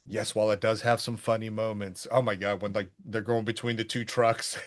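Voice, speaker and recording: A middle-aged man co-hosting a podcast, chatting casually about a film in a rambling, animated way. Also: on the low side, a little fast. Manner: rambling, animated, bursts into quoted voices. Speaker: podcast co-host. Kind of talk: casual movie review chat.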